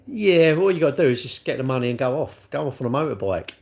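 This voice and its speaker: A man's voice: mid-range voice, big pitch swings, fast talker, darkish tone. A middle-aged man talks loosely through a livestream, answering viewers as their comments come in. He rambles from one thought to the next and keeps tacking tag questions onto the ends of his sentences. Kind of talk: casual live chat answering viewer comments.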